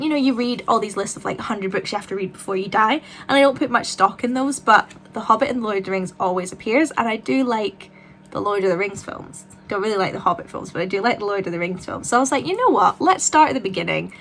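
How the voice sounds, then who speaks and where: A young woman vlogging casual book reviews, chatty and animated, rambling with fillers and quick self-corrections. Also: medium pitch.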